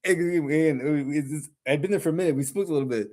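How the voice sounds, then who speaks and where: A man's voice: a little high, very fast, dark tone. A man co-hosting a podcast in casual chat, a rambling storyteller who repeats words and laughs often. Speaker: podcast co-host.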